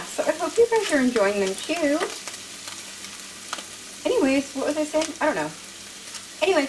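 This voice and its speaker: A woman's voice: high voice, noisy background. Chatty woman cooking at home. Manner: chatty, self-mocking, laughs often. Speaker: home cooking video host. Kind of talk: casual cooking demonstration. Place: home kitchen at the stove.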